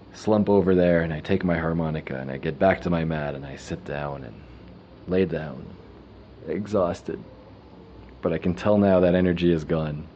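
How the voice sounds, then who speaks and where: A man calmly telling a personal story in the first person, reflective and unhurried. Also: low-pitched, highs cut off, slight background noise.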